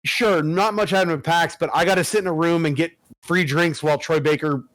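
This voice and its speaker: Man, podcast co-host, casual chat, swearing storyteller, slightly high voice, dry recording. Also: fairly quick, dry recording. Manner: profane, animated storytelling.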